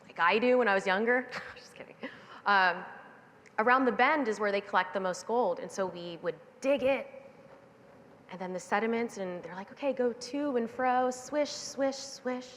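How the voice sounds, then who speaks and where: A woman giving a keynote on stage, telling a story with lively acted-out voices. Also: mid-range voice, moderate pace, a little hiss or hum. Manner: animated, acting out the voices in her anecdote. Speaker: keynote speaker. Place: stage in a large event hall. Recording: long reverb of a large hall. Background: hall reverb.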